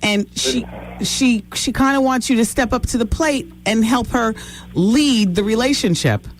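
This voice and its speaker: A woman's voice: on the high side, a little slow, slight background noise. A woman hosting a call-in radio advice show, talking to callers in a direct, blunt way. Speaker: radio talk show host.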